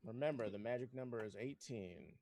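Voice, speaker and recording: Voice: medium pitch, a little fast, darkish tone, a little hiss or hum. A player in a casual tabletop game, trading jokes and banter. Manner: joking, banter.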